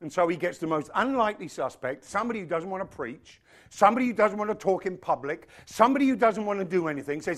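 A man preaching a sermon, animated, acting out voices and swinging from loud exclamations to hushed asides. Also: sits high, fast talker.

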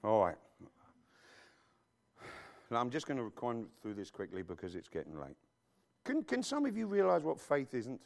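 A man preaching a sermon, emphatic and animated, throwing rhetorical questions at his congregation. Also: mid-range voice, normal speed, vocal fry, pauses often.

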